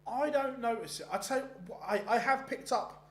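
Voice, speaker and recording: A man's voice: very high-pitched, normal speed. A man hosting a darts stream, chatting casually and rambling with frequent restarts between bits of live commentary. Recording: roomy echoey sound.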